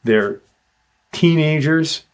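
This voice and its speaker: A middle-aged man slowly retelling a witness's eerie encounter in a casual, halting way, with many fillers. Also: on the high side. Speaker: host retelling a witness account. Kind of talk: casual storytelling.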